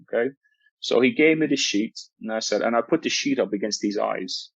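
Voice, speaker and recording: A man's voice: medium pitch, moderate pace, gravelly, slightly rough, no echo. A man who works as a basketball coach explains a coaching method on a podcast in an earnest way, often restarting and repeating words. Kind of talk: podcast interview, telling a coaching story. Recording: dull, lo-fi, dry sound.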